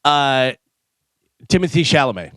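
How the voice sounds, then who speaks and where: A man's voice: medium pitch, unhurried, smooth, dry recording. A man co-hosting a morning radio show, telling anecdotes with animation and mimicking the people he talks about. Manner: animated storyteller, mimics celebrities. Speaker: radio co-host. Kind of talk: casual morning radio banter. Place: radio studio.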